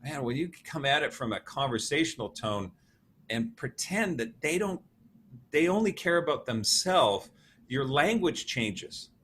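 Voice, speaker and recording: A man in his fifties, a motivational speaker giving an interview, telling stories in a lively way and laughing often. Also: fairly high pitch, unhurried, a little hiss or hum. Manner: animated storyteller, laughs often, acts out quotes. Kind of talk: conversational interview.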